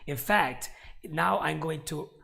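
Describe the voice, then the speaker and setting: A man teaching a live online English lesson, chatty and laughing often, repeating example phrases slowly. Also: on the high side, vocal fry, bright, forceful tone.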